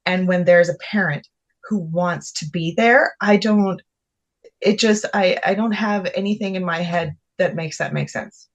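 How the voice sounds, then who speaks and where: A woman's voice: fairly low pitch, unhurried. A woman co-host talking casually, indignant and groping for words. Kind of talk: casual chat.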